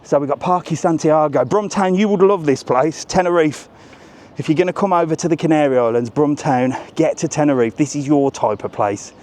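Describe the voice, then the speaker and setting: A man's voice: mid-range voice, a little mellow. A man doing a casual, cheeky live walking vlog, chatting straight to his viewers and reading out their messages as he goes. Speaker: travel vlogger on a live walking stream. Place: outdoors on resort streets. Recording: faint outdoor street noise. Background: faint street and traffic noise.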